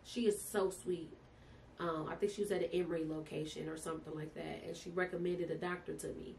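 A young woman with a lilt tells her story in a lively, heartfelt way, her voice sitting a little low. She sounds set back from the mic, with a faint hiss of noise behind her. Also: a little fast, distant mic. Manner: animated, emotional, addresses listeners as "y'all" and "baby". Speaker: podcast guest telling her birth story. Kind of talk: casual storytelling to viewers.

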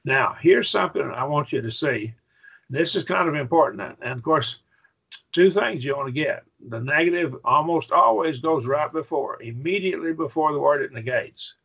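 A man's voice: on the high side, gravelly, bright, forceful tone, breathy edge, lo-fi sound. A man teaching a Bible Greek grammar class in a church classroom, explaining patiently and checking that students follow. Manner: explanatory, checks understanding with "right?".

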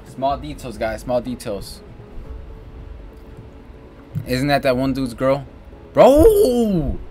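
A man's voice: mid-range voice, fairly even intonation, takes it slowly, darkish tone. A young American man hosting a reaction video, commenting casually and with lots of exclamations and slang. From United States. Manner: slangy, exclamatory, keeps saying "you know what I'm saying" and "bro". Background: faint music from the video he is watching.

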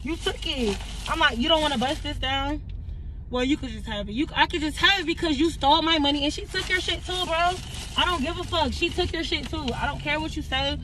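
A woman's voice: high-pitched, fairly quick. A woman vlogger, venting angrily, swearing and repeating herself. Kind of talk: casual heated vlog talk. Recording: noisy car recording.

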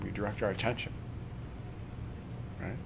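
A man leading a live workshop on breathing and meditation, talking calmly and conversationally and often checking in with his listeners. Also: lowish voice, moderate pace, vocal fry, a little hiss or hum. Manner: calm, conversational, checks in with "right?".

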